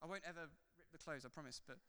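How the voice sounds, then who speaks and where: A man who is a pastor, preaching a sermon in a church hall, swinging from loud fervor to soft, chatty asides. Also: fairly high pitch, fast talker. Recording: long hall reverb.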